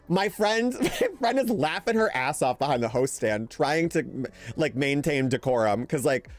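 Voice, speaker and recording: A young man streaming a game, telling a rambling story in a casual chat and laughing often. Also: fairly high pitch.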